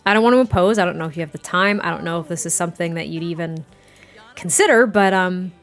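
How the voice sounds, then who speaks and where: A woman's voice: lowish voice, quick pace, soft background music, close to an everyday voice. A woman voicing an earnest rancher man. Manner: hesitant, polite, many small restarts. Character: friendly male rancher neighbor, earnest.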